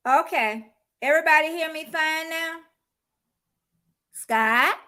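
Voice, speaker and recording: Lady on a livestream, high voice, greeting everybody by name, dry mic. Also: takes it slowly, dry recording. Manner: chatty, greets viewers by name, warm Southern-style colloquial speech. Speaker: YouTuber hosting a livestream. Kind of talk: casual livestream chat reading viewer comments. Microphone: laptop or phone mic, then earphones.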